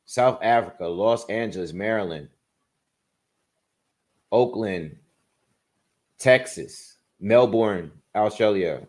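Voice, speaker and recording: A man hosting a casual boxing livestream, reading out where his viewers are from in quick bursts and thinking aloud as he gives his predictions. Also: on the low side, darkish tone.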